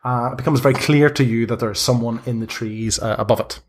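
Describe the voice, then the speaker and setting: A man narrating a tabletop game as game master, describing the scene in a halting way with many pauses and restarts. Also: medium pitch, steady tone.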